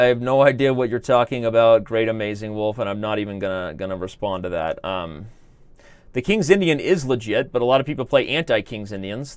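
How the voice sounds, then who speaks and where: A man's voice: medium pitch, dry recording. A man hosting a live chess stream, rambling and joking as he reads viewers' chat aloud. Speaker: chess streamer and show host.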